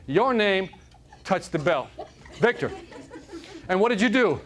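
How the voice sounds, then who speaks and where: Man, motivational speaker, high and animated, comic storyteller to a live crowd. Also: moderate pace. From Chicago, United States. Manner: energetic, joking, keeps asking "right?". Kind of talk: live keynote talk to an audience. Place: conference room with audience.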